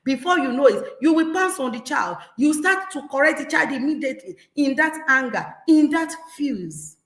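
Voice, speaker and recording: Animated Nigerian woman coaching parents. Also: high-pitched, normal speed. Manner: animated, acts out scolding parents. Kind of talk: parenting talk. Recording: echoey room.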